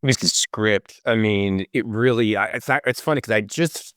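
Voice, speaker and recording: A man's voice: lowish voice, normal speed, fairly bright tone, clean tone, no echo, studio quality. A man, an actor guest in an interview, telling his story in an enthusiastic, rambling way. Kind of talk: casual interview answers.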